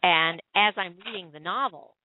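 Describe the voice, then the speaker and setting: A woman's voice: lowish voice, normal speed, a little hiss or hum. A woman on a call-in show, chatting at length and reading her own review aloud over the phone. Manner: talkative, running on in long explanations. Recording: tinny dry phone line.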